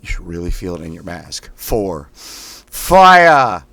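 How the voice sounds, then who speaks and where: A man hosting a guided voice exercise lesson, calmly counting through repetitions between loud, sharp drill sounds. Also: deep voice, normal speed, gravelly, no room sound. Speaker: host leading daily voice exercises.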